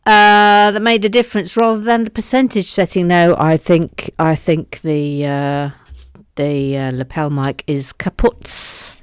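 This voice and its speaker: A woman's voice: fairly low pitch, fairly even intonation, a little slow, clean tone, no echo. A woman with an English accent chatting playfully as co-host while building a model. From England. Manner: playful, chatty, puts on silly sing-song voices. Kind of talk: casual chat while building.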